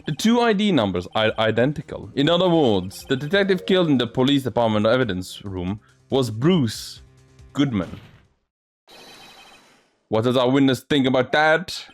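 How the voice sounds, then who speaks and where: A man's voice: mid-range voice, sing-song, moderate pace, natural voice. A man reading a courtroom game aloud and doing every character's voice himself, sometimes stumbling over words. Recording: faint music behind.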